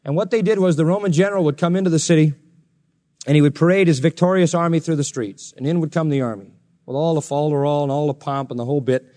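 A male pastor preaching an expository sermon, animated and jokey, slipping into mocking sarcastic voices. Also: fairly high pitch, quick pace. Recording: long reverb of a large hall.

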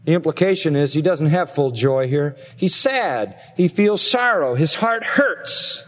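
A man preaching an expository sermon earnestly, slowing down and rising in pitch to stress his points. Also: animated. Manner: earnest preaching, slows and rises for emphasis. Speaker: pastor. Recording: long reverb of a large hall.

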